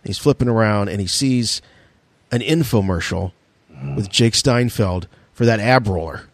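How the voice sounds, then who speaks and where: A man's voice: on the low side, measured pace, no room sound. A man co-hosting a podcast, joking and rambling with plenty of fillers. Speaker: podcast co-host. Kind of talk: casual chat.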